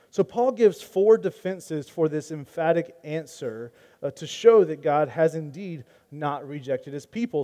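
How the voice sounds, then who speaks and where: A man's voice: fairly high pitch, warm tone. A man preaching a sermon as pastor, earnest and emphatic, asking rhetorical questions and reading scripture aloud.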